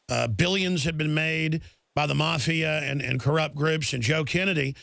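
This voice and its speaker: A man's voice: a little high, creaky, a bit bright, no room sound. A man hosting an interview, talking fervently and emphatically, piling point on point. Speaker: host. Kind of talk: talk show interview.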